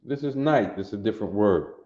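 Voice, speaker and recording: Man in his sixties, low voice, dark tone, echoey room, muffled sound, folksy livestream teacher. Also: animated, fast talker. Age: 60s. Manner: folksy, repeats "you see that?" to viewers. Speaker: language class teacher. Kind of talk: livestream lesson.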